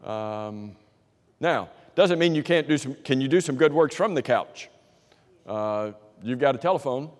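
A man's voice: mid-range voice, expressive, measured pace. A man leads a Bible class, firing questions at the group and echoing their answers back. His talk is conversational and full of restarts. A long hall reverb trails each phrase. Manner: conversational, with frequent restarts and fillers. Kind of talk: interactive Bible class teaching.

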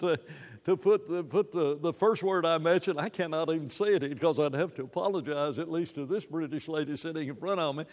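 A man preaching a sermon in an animated, rambling way, with many restarts and fillers. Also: a little high, big-room sound.

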